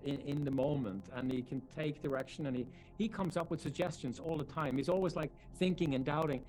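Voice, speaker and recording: A man, a film director, answering press interview questions in a thoughtful, halting way with many fillers. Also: a little high, a little mellow, rough recording.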